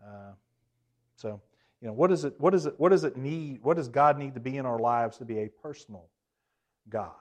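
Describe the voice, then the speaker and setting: A man's voice: mid-range voice, moderate pace, long pauses, a little mellow. A man leading a Bible class, talking conversationally, asking the group questions, with hesitant fillers, self-corrections and emphatic rises on key points. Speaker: Bible study teacher.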